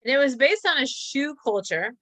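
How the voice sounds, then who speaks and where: A woman's voice: high-pitched, expressive, moderate pace, a bit bright, no echo. A woman teacher reading practice sentences aloud and calling out each comma, with chatty asides. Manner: chatty asides about a company.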